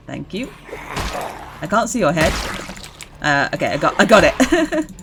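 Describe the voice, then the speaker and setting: Woman streamer, lowish voice with lively swings, giggly, casual play-by-play, faint music behind. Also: moderate pace, pauses often. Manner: giggly, chatty, talks to zombies. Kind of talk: casual gameplay commentary.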